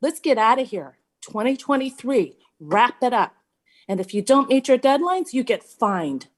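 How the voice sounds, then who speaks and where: Casting: high-pitched woman, blunt and fed up, city meeting public comment. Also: sing-song, normal speed. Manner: frustrated, emphatic, blunt.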